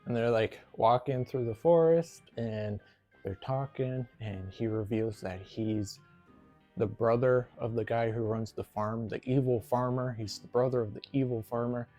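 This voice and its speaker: A man's voice: mid-range voice, fairly even intonation, a little slow, warm tone, muffled recording, faint music behind. A man casually recapping a movie plot, rambling with lots of "like" and frequent laughs. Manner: rambling, fills with "like", laughs often. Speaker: movie reviewer.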